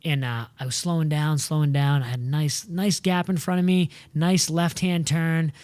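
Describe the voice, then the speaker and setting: A young adult man recounting a story in loose, animated podcast chat. His voice sits a little high, and he swears freely and keeps calling people "dude." The sound is dry and close, with no room around it. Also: moderate pace, clean tone, no room sound. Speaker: podcast regular. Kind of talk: casual storytelling.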